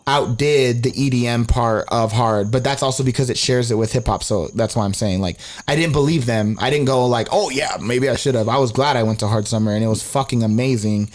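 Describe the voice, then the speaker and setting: A young man co-hosting a laid-back podcast and spinning a story about a night out. He talks casually and swears freely, and his voice jumps sharply when he acts out what people said. His pitch is mid-range. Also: a little fast, hardly any pauses, darkish tone. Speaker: podcast co-host.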